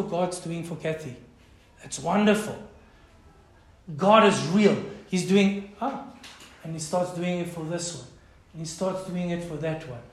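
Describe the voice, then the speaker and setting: A South African pastor preaches with a high-pitched voice, his passionate delivery dropping now and then into near whispers. The sermon rings out through a strongly echoing church hall. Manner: impassioned preaching, swinging from loud to hushed.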